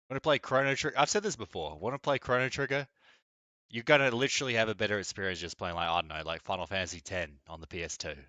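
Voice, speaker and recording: A man's voice: deep voice, pushed and bright, dry recording, muffled recording. A young man chatting casually on a live gaming stream, blunt, opinionated and mocking. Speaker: game streamer.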